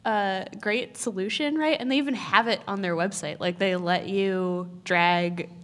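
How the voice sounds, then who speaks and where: A woman's voice: mid-range voice, measured pace, a bit bright. A woman co-panelist in a casual discussion, giving brief supportive replies.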